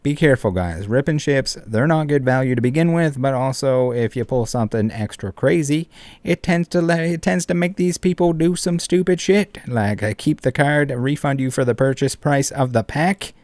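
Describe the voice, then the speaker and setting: Guy ranting on his channel, swears a lot, mid pitch, dry close sound. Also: moderate pace, a little mellow, dry recording. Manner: indignant, profane, emphatic. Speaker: commentary channel host. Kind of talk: online commentary rant.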